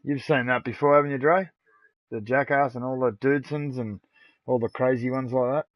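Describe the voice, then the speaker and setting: A man's voice: medium pitch, steady tone, a little fast, no room sound. A middle-aged Australian man streaming a game live, chatting in crude, boastful banter with lots of swearing. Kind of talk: casual live-stream gaming chat. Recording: dull lo-fi dry sound.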